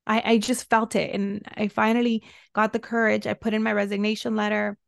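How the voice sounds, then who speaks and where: Speaking a little fast with vocal fry and flat delivery, a woman in the mid range recounts a hard stretch of her life, earnestly and emotionally. She's a women's soul embodiment coach guesting on a podcast, recorded in studio quality without room sound.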